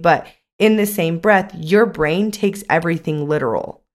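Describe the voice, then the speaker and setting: A woman's voice: on the low side, moderate pace, few pauses. A young adult woman co-hosting a casual podcast chat as a coach, talking in a chatty way with many "like" fillers.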